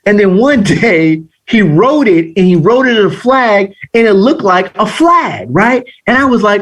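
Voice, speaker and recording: A man giving a live online trading lesson, telling animated, slangy stories. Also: high-pitched, measured pace, few pauses. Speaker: trading instructor.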